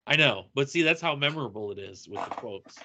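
A man co-hosting a casual podcast chat, playful and quick to laugh. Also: medium pitch, animated, bright, forceful tone, a little hiss or hum. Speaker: podcast co-host.

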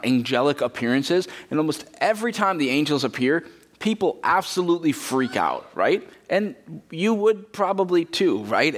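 Animated conversational man preaching a sermon. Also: a little high. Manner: conversational, animated, acts out quotes in character. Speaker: pastor. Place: church.

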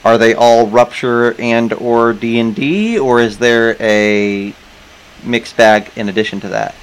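A man's voice: medium pitch, flat delivery, measured pace, smooth, rough recording. A man hosting a podcast, bantering casually and laughing easily. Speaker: podcast host. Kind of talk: casual chat.

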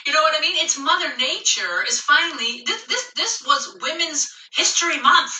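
A middle-aged woman comedian riffing in a loose stand-up monologue, swearing freely and laughing at her own lines. Her voice is high and very bright. It sounds like an echoey room, with the mic set a little away from her. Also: normal speed, recorded from a distance. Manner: profane, animated, laughing at own jokes.

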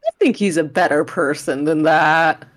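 Animated woman on a lo-fi podcast line. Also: low-pitched, moderate pace. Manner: animated, jokey retellings. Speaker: podcast co-host. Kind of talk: casual recap chat. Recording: lo-fi backup bot recording.

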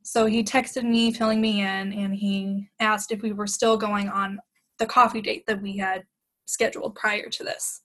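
A woman's voice: medium pitch, little pitch movement, unhurried, a bit bright, rough recording. A young woman, a podcast guest, retelling a bad date in casual chat, acting out quoted lines and laughing often.

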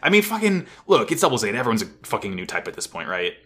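Brief: male podcast co-host, lively swinging delivery, bright tone, profane and laughing. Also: lowish voice, very fast. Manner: animated, profane, laughs often. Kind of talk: casual anime recap chat.

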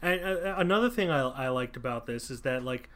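This man co-hosts a podcast, reviewing a film in a casual chat that is thoughtful and loose, packed with fillers and restarts. His pitch is medium, his tone a bit bright, and he speaks animatedly at a slightly fast clip.

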